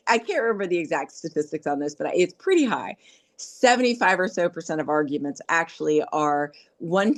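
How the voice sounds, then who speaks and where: Middle-aged woman, podcast guest, somewhat low voice, animated storytelling. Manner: animated storytelling, checks in with "right?". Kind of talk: casual podcast chat.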